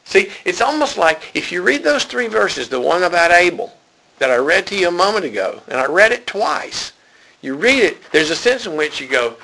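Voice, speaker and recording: A man's voice: sits high, sing-song, normal speed, creaky, pushed and bright, slight background noise, low-quality recording. A man preaching a sermon in a church, folksy and conversational.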